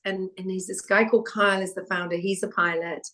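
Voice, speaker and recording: A middle-aged woman from England, a guest in a casual chat, telling stories with animated quoted voices. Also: mid-range voice, brisk. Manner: animated storytelling, acts out quotes. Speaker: podcast guest, broadcaster.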